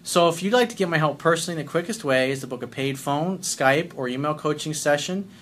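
A man's voice: fairly high pitch, expressive, fairly quick, fairly bright tone, a little hiss or hum. Blunt, profane man giving dating advice. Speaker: dating coach. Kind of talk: advice monologue reading listener letters.

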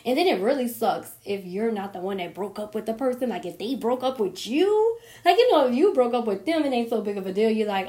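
A woman talks casually on her own podcast, animated and chatty, often laughing through her stories. Her voice sits a bit high. The room around her has a noticeable echo. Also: fairly quick, hardly any pauses. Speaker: podcast host. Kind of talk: casual solo podcast chat.

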